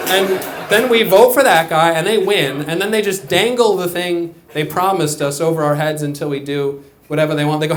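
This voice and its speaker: A man's voice: on the high side, fairly quick, few pauses. A man doing a stand-up comedy set on a club stage, talking loosely and conversationally with offhand asides. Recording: echoey club with crowd laughing.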